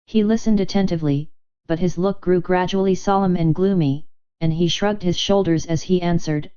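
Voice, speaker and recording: A woman narrating an audiobook with an even, measured reading. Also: fairly low pitch, smooth. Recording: dull lo-fi audiobook recording.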